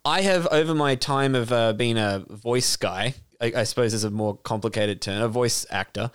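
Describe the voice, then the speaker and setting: A male voice actor co-hosting a podcast in a relaxed, chatty way. His voice is smooth and clear, at an ordinary middle pitch. He tells stories with animated energy and drops into brief impressions. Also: no echo, studio quality. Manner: animated storyteller who slips into quick impressions. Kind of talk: casual chat.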